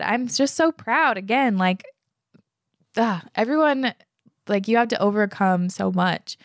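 Gravelly young woman, effusive podcast host. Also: mid-range voice, no room sound, clean studio sound. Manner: effusive, swears freely, gushes with praise. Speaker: podcast host reading listener emails. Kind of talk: casual chat, reading listener stories aloud.

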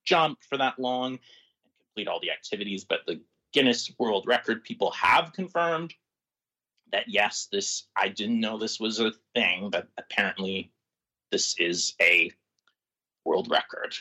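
A man's voice: on the low side, a little slow, bright, forceful tone, poor audio. A man co-hosting a casual news chat show, reading articles aloud and laughing often. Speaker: co-host reading news items.

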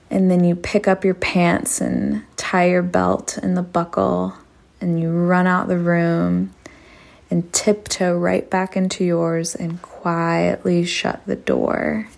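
A woman narrates an intimate erotic story at an unhurried crawl, her low voice thick with gravelly fry. She stays hushed and sultry and slips into whispers. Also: level tone. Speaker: podcast host.

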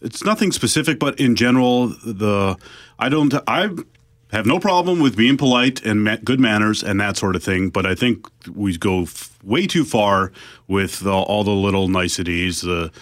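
Male radio panelist, low voice, blunt and halting. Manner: blunt, hesitant starts. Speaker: panel guest. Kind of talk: casual radio talk.

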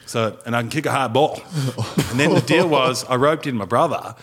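A man's voice: mid-range voice, brisk, breathy edge. An Australian man in his thirties, co-hosting a casual chat and telling stories with plenty of laughter. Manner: animated storyteller, laughing. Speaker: podcast co-host.

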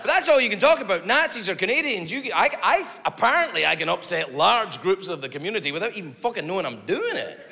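A man doing a stand-up comedy set, rambling and animated, swearing freely and shouting his punchlines. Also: high-pitched, quick pace, creaky, few pauses. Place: theater stage before a large audience. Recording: live theater hall with loud crowd. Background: audience laughter and applause.

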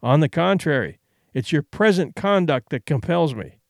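This is a composed, steely ship owner, as a male narrator puts him on. He speaks quietly and low, with a tense, firm edge. The audiobook recording is dry and close. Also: animated, moderate pace, creaky, no room sound. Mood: cold. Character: cool, controlled ship owner, man.

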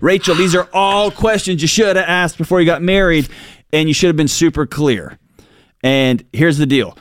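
A man's voice: on the high side, normal speed, clear, resonant tone, dry recording, studio quality. A middle-aged man hosting a call-in advice show, blunt and emphatic as he drives home his points. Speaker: talk show host. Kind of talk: casual advice talk.

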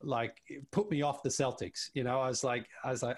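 A man's voice: mid-range voice, fairly even intonation, fairly quick. A man talking casually as a podcast guest, repeating his words and acting out what others said. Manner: chatty, repeats words, acts out quoted speech. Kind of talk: casual conversation.

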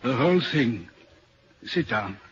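A man's voice: mid-range voice, big pitch swings, takes it slowly, slight background noise. An actor playing a troubled railway signalman in an old radio drama, earnestly recounting a ghostly sighting. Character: haunted, uneasy male railway signalman. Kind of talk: 1940s radio acting. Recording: dull old radio recording.

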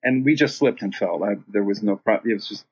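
Husky-voiced guy rambling through a story, swears a lot, dull lo-fi sound. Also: lowish voice, a little fast, darkish tone. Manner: rambling, casual, swears freely. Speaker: band singer, guest. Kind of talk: casual storytelling chat.

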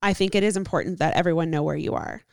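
A woman's voice: lowish voice, fast talker, creaky, a little mellow, no echo, studio quality. A young woman co-hosting a podcast, reading a listener's letter aloud with casual asides. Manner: reads aloud with asides and laughs. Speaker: podcast co-host.

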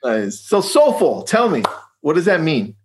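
A man hosting a casual podcast, upbeat and chummy with his guest. His voice sits a little high and rises and falls a great deal as he talks. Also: big pitch swings, unhurried, background noise. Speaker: podcast host. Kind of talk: casual chat.

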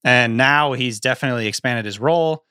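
A man's voice: mid-range voice, brisk, pushed and bright, smooth, no echo. A man co-hosting a podcast in casual chat, analytical and rambling, with many fillers, on a studio microphone. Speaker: podcast co-host.

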